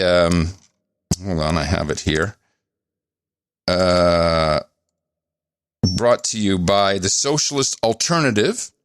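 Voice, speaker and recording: A man's voice: on the low side, no echo, studio quality. A man co-hosting a podcast in casual political chat, teasing and sarcastic as he tells his stories. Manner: teasing, sarcastic, animated storytelling. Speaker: podcast co-host.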